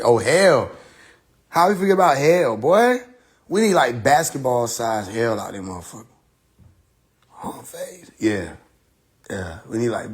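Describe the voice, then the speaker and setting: Man ranting and joking on a live stream. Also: mid-range voice. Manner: loud joking rant, heavy profanity, laughing often. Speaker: livestream host. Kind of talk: casual livestream chat.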